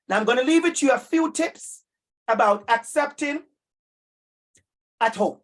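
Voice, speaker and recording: Male presenter of a community talk for families; warm-toned delivery, encouraging, chatty, walks through a list of tips. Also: extremely high pitch. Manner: encouraging, conversational, lists tips.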